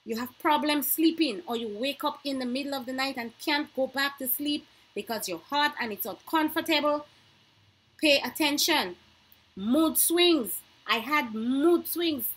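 A woman's voice: high-pitched, a little slow, fairly bright tone, poor audio. A middle-aged woman, talking earnestly to camera in a personal vlog and stressing her warnings. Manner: earnest, emphatic, repeats warnings. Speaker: vlogger.

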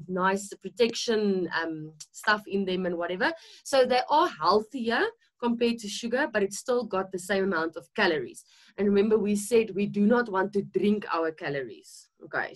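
A woman with a South African accent giving a chatty nutrition talk on a video call, using tag questions and fillers. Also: mid-range voice. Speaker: nutritionist co-hosting a webinar. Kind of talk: explanatory webinar talk.

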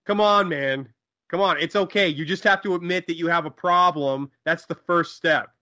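A man's voice: fairly high pitch, normal speed, sharp tone, lo-fi sound. A man co-hosting a riffing movie commentary in a laid-back, wry way. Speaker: co-host.

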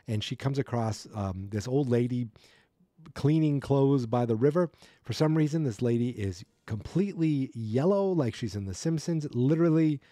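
Man, podcast host, casual recap, rambling, self-correcting, mellow tone, dry close sound. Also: mid-range voice, no room sound. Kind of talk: casual solo episode recap.

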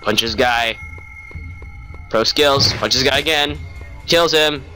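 A man's voice: mid-range voice, takes it slowly, sharp tone, soft background music. A young man giving sarcastic let's play commentary on a horror game. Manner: wry, sarcastic narration of the action. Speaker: gamer playing a horror game.

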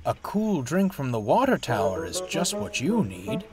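A man's voice: medium pitch, sing-song, normal speed, crowd noise, lightly acted. Boko, a man doing a friendly diesel engine. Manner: friendly, encouraging. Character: cheerful, good-natured male diesel engine.

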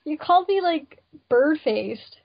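A young woman guest on a podcast, teasing in a deadpan way. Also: high-pitched, slow pace, no room sound. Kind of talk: casual banter. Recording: dull lo-fi dry audio.

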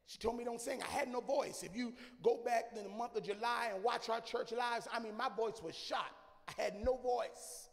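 A man preaching a sermon, moving between shouted sing-song delivery and quieter storytelling. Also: high voice, a little fast, vocal fry. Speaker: church elder preaching. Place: church sanctuary. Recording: live church sound with long reverb and faint music.

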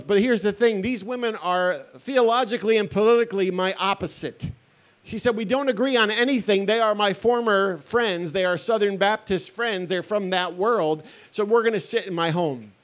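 A middle-aged male pastor speaks at a festival in a fairly high voice. He tells stories in an earnest, conversational way and drops in wry asides. His delivery moves between warm sincerity and quick humor. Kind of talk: festival talk, sermon-like.

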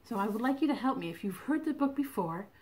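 A woman librarian leading a toddler storytime from home, reading in an animated sing-song voice with exclamations and animal sounds. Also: on the high side, fast. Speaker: children's librarian.

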